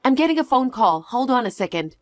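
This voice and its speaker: A woman voicing a frantic middle-aged mother who pleads, pushes and keeps repeating herself, in a lower, heavier register. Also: sing-song, fairly quick, no echo, clean studio sound. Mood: pleading. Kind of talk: dialogue story acting.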